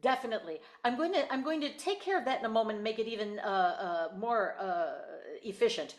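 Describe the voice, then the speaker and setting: Over a video call, a woman voice teacher gives a singing lesson, explaining things in careful detail and repeating her points. Her voice is fairly high and brisk.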